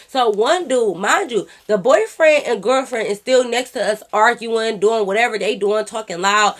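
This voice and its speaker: A woman telling a story to her viewers in a casual vlog, animated and profane, calling them y'all. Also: a little high, moderate pace, few pauses. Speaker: YouTube storyteller.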